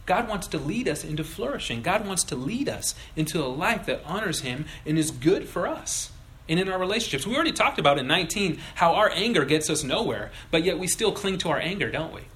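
A younger man preaching a sermon as pastor, animated and acting out little voices in his illustrations. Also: on the high side, brisk, low-quality recording.

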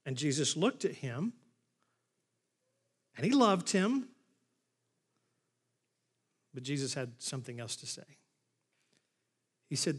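A pastor preaches a sermon, retelling a Bible story and animatedly acting out the characters' lines. He has a high voice, speaks at a measured pace with frequent pauses, and the recording carries a long hall reverb.

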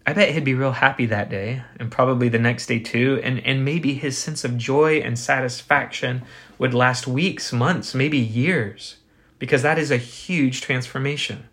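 Guy preaching a sermon, mid-pitched voice, earnest, lots of rhetorical questions. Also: fairly bright tone. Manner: earnest, builds with rhetorical questions and slow pauses. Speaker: pastor.

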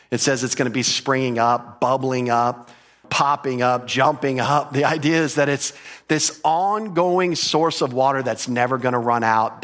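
A man's voice: medium pitch, a bit bright. A man preaching an expository sermon, explaining Greek grammar and repeating key phrases for emphasis. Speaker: pastor.

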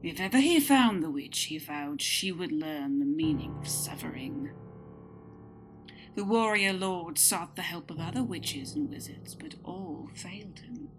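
Slow dramatic woman storyteller. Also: on the low side, lively intonation. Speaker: narrator. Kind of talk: dark folktale storytelling. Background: music.

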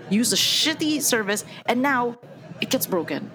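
A woman's voice: on the high side, big pitch swings, normal speed, pushed and bright, a little hiss or hum, low-quality recording. A woman co-hosting a podcast, chatting casually and with strong opinions about a movie, laughing often. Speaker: podcast co-host. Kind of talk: casual movie review chat.

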